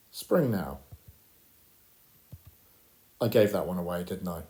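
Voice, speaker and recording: A man teaching a primary school Spanish lesson, encouraging the children and slowly modelling phrases for them to repeat. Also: on the low side, sing-song, warm tone. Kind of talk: recorded classroom lesson.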